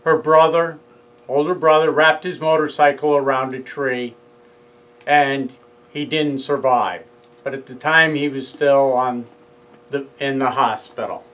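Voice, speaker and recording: A man's voice: mid-range voice, fairly even intonation, unhurried, fairly bright tone, rough recording. A middle-aged man with a New York accent, telling his story in a casual monologue and acting out both sides of a heated phone argument. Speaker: speaker recounting a legal case.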